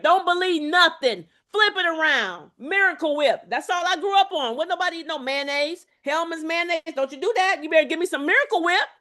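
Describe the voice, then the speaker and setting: A woman health coach giving an energetic, preachy lecture, calling to her audience again and again and swinging between loud exclamations and low asides. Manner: emphatic, preachy, calls to the audience with repeated "y'all" and "okay?".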